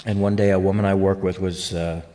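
A man's voice: low-pitched, little pitch movement, brisk, dark tone. A congested man hosting a podcast in a casual, joking, rambling way. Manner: jokey, rambling asides. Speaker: podcast host. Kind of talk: casual chat.

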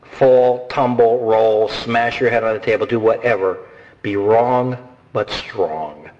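A man giving casual, animated, rambling advice on voice acting, slipping into quick character voices. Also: mid-range voice, muffled recording, a little hiss or hum. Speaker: voice acting instructor. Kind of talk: casual instructional talk.

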